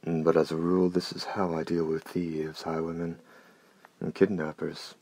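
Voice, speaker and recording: A man doing a gruff, blunt coach driver. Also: level tone, normal speed, a little mellow, no echo. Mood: defiant. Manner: blunt, coarse, low-voiced. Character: gruff, hard-bitten male coach driver. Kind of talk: audiobook character reading.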